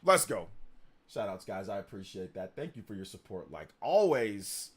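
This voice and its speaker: A man's voice: on the low side, sing-song, moderate pace, a bit bright, breathy edge. A man hosting a casual live stream, hyped up, reading out and thanking donors as he chats. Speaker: livestream host.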